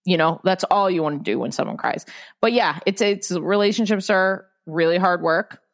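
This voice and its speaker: A young woman with a lowish voice chats on a podcast in an open, candid way. She swears now and then and often breaks off and restarts her sentences as she thinks aloud. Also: normal speed. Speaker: podcast guest. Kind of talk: casual podcast chat.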